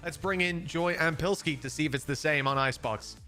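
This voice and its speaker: A man hosting an esports broadcast desk, leading segments smoothly and handing over to the casters. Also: a little high, fairly quick, sharp tone, soft background music. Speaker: studio host.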